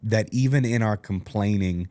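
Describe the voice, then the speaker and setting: Low-voiced man reading scripture. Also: normal speed, dark tone, no room sound. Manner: earnest, reads scripture aloud with frequent fillers. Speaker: church host. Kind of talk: casual faith discussion with scripture reading. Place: church studio.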